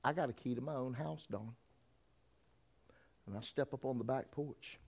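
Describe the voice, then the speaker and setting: A man preaching a sermon and telling his own story. He talks straight to the congregation and moves between quiet storytelling and shouted preaching. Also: medium pitch, normal speed, creaky, slightly rough. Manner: addresses the congregation directly. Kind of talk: sermon with personal testimony.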